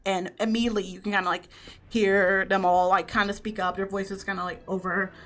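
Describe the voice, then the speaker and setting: A woman's voice: mid-range voice, level tone, brisk, a bit bright. Casual woman narrating as game master. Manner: casual, many fillers.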